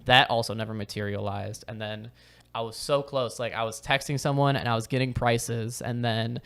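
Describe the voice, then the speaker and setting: Laughing, animated young man telling stories. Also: medium pitch, normal speed, vocal fry, clear, resonant tone. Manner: animated storyteller, laughs often, acts out quotes. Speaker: podcast guest. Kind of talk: casual podcast chat.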